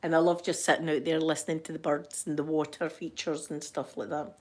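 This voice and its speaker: A woman's voice: low-pitched, level tone, fairly quick. An older woman with a Scottish accent chatting casually to her viewers at home. She rambles through stories with frequent laughter and fond asides. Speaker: vlogger. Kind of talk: casual chat to camera.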